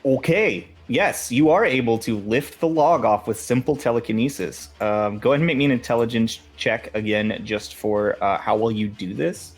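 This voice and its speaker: A man's voice: medium pitch, normal speed, few pauses, soft background music. A young man narrating as game master in a casual, swearing, filler-laden way.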